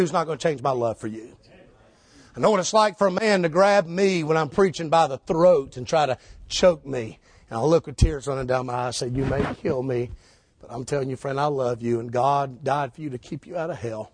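A middle-aged man preaching a storytelling sermon, swinging between shouted preaching and low, hushed retelling. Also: fairly quick, breathy edge, no echo. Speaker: street preacher.

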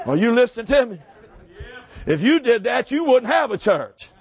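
A man preaching a shouting revival sermon, hollering high, then dropping low. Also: very animated, normal speed, breathy edge. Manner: hollers with rising pitch, then drops low. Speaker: pastor.

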